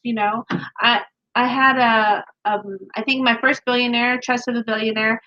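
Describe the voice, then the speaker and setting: A woman's voice: on the high side, bright, forceful tone, muffled recording. A woman co-hosting a casual chat about writing, talking in a chatty way with many fillers and restarts. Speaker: podcast co-host, author.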